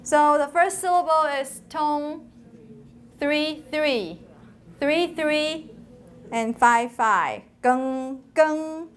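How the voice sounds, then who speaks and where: Brief: female lecturer, high voice, unhurried classroom delivery, chants syllables to demo tones. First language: Taiwanese. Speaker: university lecturer.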